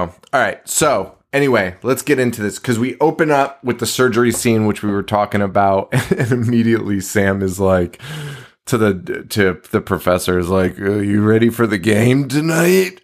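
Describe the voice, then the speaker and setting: Lowish-voiced man cursing through a movie recap. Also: normal speed. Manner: profane, laughing, acts out characters' lines. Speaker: podcast co-host. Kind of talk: casual movie recap chat.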